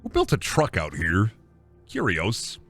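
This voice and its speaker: A man riffs in a mock stand-up style while streaming a game, with a bright, forward tone. His pitch swings widely as he drops from mumbled asides into loud bursts. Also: huge pitch swings, unhurried, husky, soft background music. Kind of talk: comedic gaming stream banter.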